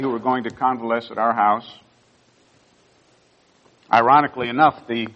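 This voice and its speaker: A man's voice: medium pitch, fairly bright tone, lo-fi sound. An older man, a pastor, telling personal stories in a sermon in an earnest, heartfelt way. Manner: earnest storytelling, rising emotion at key moments.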